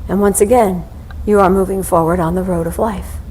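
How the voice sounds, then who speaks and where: A woman minister giving a sermon in a conversational, anecdotal way, slowing down with deliberate pauses. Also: lowish voice, fairly even intonation, warm tone, a little hiss or hum, low-quality recording.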